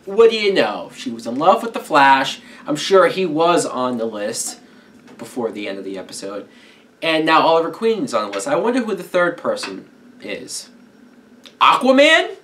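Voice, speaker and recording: A man's voice: mid-range voice, very animated, a bit bright. Joking young man reviewing a TV episode. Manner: enthusiastic, joking, quick asides. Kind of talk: casual spoken episode review.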